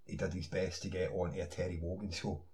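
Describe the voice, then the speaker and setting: A man's voice: low voice, flat delivery, fast, dark tone, rough recording. A man in a ranting online monologue, insistent, firing rhetorical questions and filling gaps with "you know". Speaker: online commentator.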